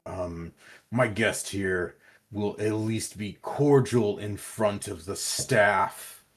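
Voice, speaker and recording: A man voicing a calm nobleman seated behind a desk, speaking dryly in a tabletop game. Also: on the low side, takes it slowly. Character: deep-voiced male noble behind a desk.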